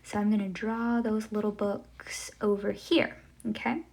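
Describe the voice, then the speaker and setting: A woman's voice: medium pitch, level tone, a little slow, vocal fry, a little mellow. A woman teaching a Spanish lesson at a board, upbeat and checking in with frequent "okay?" and "right?". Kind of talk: classroom lesson at a whiteboard.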